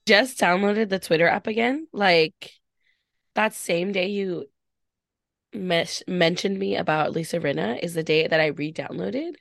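A woman's voice: fairly low pitch, measured pace, creaky, dry recording, clean studio sound. A woman co-hosting a casual podcast, talking openly and swearing with lots of "like". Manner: chatty, confessional, swearing, full of "like". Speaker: podcast co-host. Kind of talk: casual chat.

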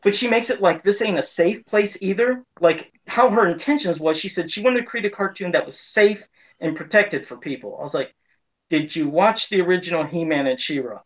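A man's voice: high-pitched, expressive, brisk, poor audio. A man in his forties giving a casual, heated opinion rant as a pop culture commentator, indignant and frustrated.

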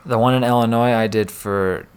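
A man's voice: mid-range voice, moderate pace, clear, resonant tone. A young man casually telling stories from his past jobs, acting out the people he quotes. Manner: animated storyteller, acts out quoted voices. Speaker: guest. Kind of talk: casual storytelling chat.

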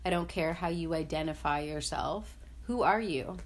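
A woman's voice: low-pitched, moderate pace. A woman in casual conversation, speaking earnestly and leaning on "like" as a filler. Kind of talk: casual chat.

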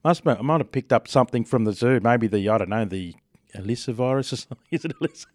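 An Australian man hosts breakfast radio with a sore throat, chatty and laughing as he goes. His voice sits at an ordinary middle pitch. The studio sound is close and dry. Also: lively intonation, racing, no echo. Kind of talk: casual radio chat and news reading.

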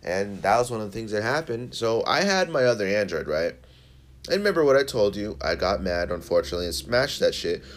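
A young man from Northern California's Central Valley rambles through a story on his podcast, swearing freely and talking in a loose, casual way. His voice sits on the low side, and he jumps from one tangent to the next. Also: a little fast. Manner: profane, rambling, animated storytelling. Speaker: podcast host.

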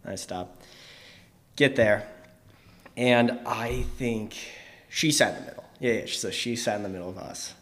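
A man's voice: on the low side, measured pace, long pauses, a bit bright. A young man co-hosting a podcast, telling a long story in a casual, rambling way, full of fillers and laughs. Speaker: podcast co-host.

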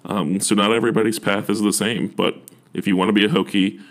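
A man's voice: on the low side, level tone, fast talker. A young man working as a university admissions officer, giving earnest, encouraging advice in a casual talk, with frequent fillers and restarts.

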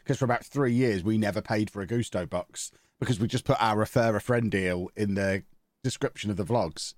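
A man's voice: on the low side, brisk, a little mellow, no room sound, studio quality. Man bantering wryly on a podcast. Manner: teasing, wry banter. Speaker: podcast host. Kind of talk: casual chat.

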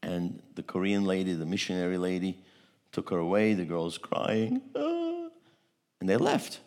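A man's voice: low-pitched, big pitch swings, normal speed, a little mellow. A man preaching a testimony sermon, telling a story with repeated words and a voice that swells at its peaks.

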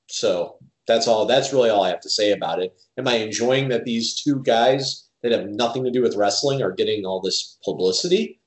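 A man's voice: medium pitch, reverberant. A man co-hosting a casual wrestling podcast, giving opinions with careful hedges. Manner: opinionated, measured hedging. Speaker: podcast co-host. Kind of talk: casual chat.

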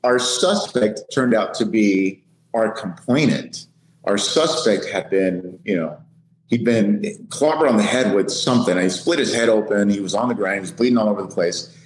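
Man, middle-aged, police sergeant, lively anecdotes, roomy room, faint noise. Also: fairly low pitch, normal speed. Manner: lively, laughing anecdote teller. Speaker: police sergeant, podcast guest. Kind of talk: animated storytelling.

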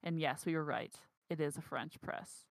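A woman's voice: low voice, normal speed, creaky, no echo. A woman who works as a barista, co-hosting a casual podcast and venting frankly. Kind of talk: casual chat.

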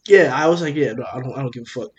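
A young man, a podcast co-host, telling a story in casual chat, animated and profane, acting out what everyone said. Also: mid-range voice. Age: young adult. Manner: animated, profane, rapid retelling with quoted dialogue.

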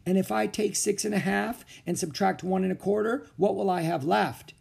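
A man reading aloud, voicing a strict middle-aged woman math teacher who speaks sternly and crisply. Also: high voice, moderate pace, darkish tone, pitched above the performer's own voice, exaggerated voice. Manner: stern, clipped, schoolmarmish.

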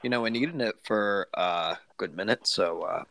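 A man's voice: on the low side, normal speed, vocal fry, fairly bright tone. A man hosting a podcast in casual chat, rambling with lots of fillers and restarts. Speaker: podcast host.

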